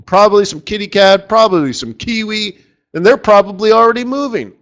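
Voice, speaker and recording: A man hosting a live trading session, chatty and excitable, breaking into lively exclamations. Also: high-pitched, a little fast. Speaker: market strategist host. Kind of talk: live trading webinar commentary.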